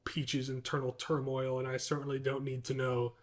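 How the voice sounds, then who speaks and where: A man's voice: mid-range voice, completely flat delivery, normal speed. A man co-hosting a casual podcast, talking in a rambling, enthusiastic way with lots of fillers. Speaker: podcast co-host. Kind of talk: casual chat.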